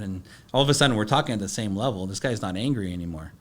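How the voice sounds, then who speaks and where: Halting low-voiced man. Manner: halting, many fillers and restarts; plain-spoken, swears in stories. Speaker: podcast guest, contractor. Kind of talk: casual storytelling.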